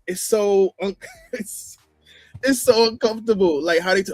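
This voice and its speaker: A man's voice: sits high, normal speed, no room sound, studio quality. A man telling stories in a casual, slangy chat, laughing often.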